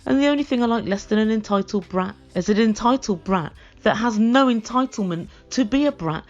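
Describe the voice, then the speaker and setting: A woman's voice: a little high, lively intonation, fairly quick, dull audio, soft background music. A woman giving a comedic recap of a reality show in a blunt, sarcastic, mocking way. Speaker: reality TV reviewer.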